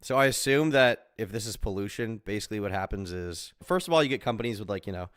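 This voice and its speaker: A young man streaming from home talks to his chat in a loose, rambling, crude way, with plenty of jokes. His voice is on the low side and sounds dry and close to the mic. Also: lively intonation, fast, a bit bright, clear, resonant tone, dry recording. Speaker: live streamer. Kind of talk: casual livestream chat.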